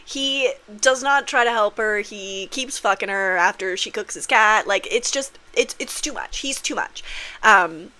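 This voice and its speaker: A woman's voice: mid-range voice, unhurried, bright, forceful tone. A woman vlogging about manifestation in a casual, candid monologue, swearing freely and acting out scenes with big voices.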